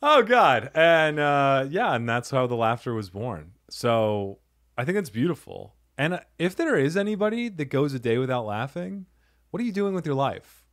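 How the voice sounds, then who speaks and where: A man hosting a comedy podcast in a loose, playful way, laughing often between jokes. His voice sits in a middle register and swings widely in pitch. The talk is relaxed chat. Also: normal speed. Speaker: podcast host.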